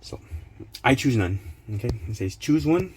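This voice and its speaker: With an expressive, slightly rough mid-range voice at normal speed, this channel host reads court documents aloud and comments casually. He's sarcastic, laughs a lot, and bursts out indignantly.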